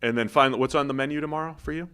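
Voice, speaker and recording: A man's voice: mid-range voice, rapid-fire, fairly bright tone, smooth. A man co-hosting a sports podcast in casual, joking chat, rambling with restarts. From Massachusetts. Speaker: podcast co-host. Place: podcast studio.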